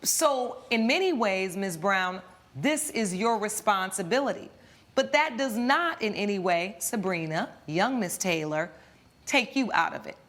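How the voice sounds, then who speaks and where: Woman, court show judge, measured, authoritative, probing questions. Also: medium pitch, lively intonation, fairly bright tone.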